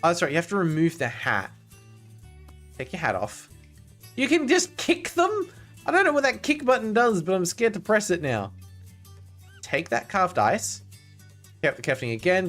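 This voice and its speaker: Excitable, chatty male game streamer. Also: on the high side, normal speed, faint music behind. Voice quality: excitable, chatty, jokey, often chats with viewers. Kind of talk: casual game-stream commentary.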